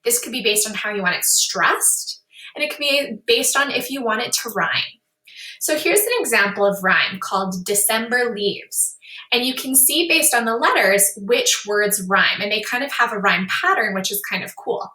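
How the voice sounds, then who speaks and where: Bright-voiced woman teaching poetry, echoey. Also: a little high, expressive, moderate pace, far from the mic. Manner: explanatory, upbeat, says "really cool". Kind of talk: classroom lesson on poetry with read-aloud examples. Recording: echoey room, voice a bit off-mic.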